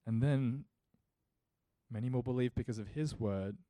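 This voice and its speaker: Earnest, mellow-voiced male pastor preaching. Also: mid-range voice, moderate pace, no room sound. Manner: earnest, building to emphatic rhetorical questions. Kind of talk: sermon.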